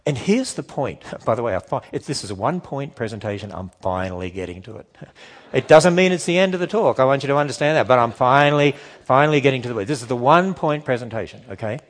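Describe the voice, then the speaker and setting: A man giving a sermon-style talk to a church audience, emphatic and animated, firing off rhetorical questions and acting out the objections people raise. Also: mid-range voice, fast. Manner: acts out quoted objections in shifting voices; emphatic, repetitive build-ups. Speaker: Christian speaker addressing a church audience.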